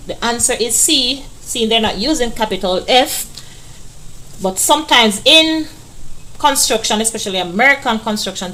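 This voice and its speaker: A woman's voice: mid-range voice, a bit bright, slight background noise. A woman teacher, walking children through test answers in a chatty way and stretching words to stress them.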